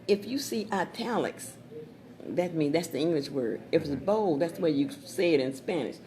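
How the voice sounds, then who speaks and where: A woman chatting casually as she pitches her Spanish dictionary, repeating words and laughing at her own jokes. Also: lively intonation, normal speed, mellow. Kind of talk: casual sales chat with jokes. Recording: crowd noise behind.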